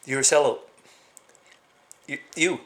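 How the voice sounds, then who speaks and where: A man vlogging in a casual monologue, rambling and halting with lots of fillers and restarts, giving blunt, opinionated rants. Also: mid-range voice, fairly even intonation.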